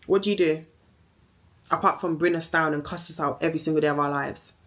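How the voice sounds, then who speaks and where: A woman's voice: low-pitched, fairly even intonation, fast. A young woman with a Jamaican accent delivering a heated, accusing, repetitive social media rant, swearing as she goes. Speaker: vlogger.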